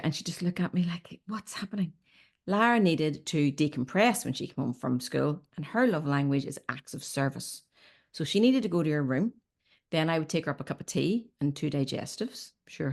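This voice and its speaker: Lively woman giving advice. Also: deep voice, vocal fry. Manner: animated storyteller, acts out quotes, says "okay?" often. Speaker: relationship coach guest. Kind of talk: casual advice chat.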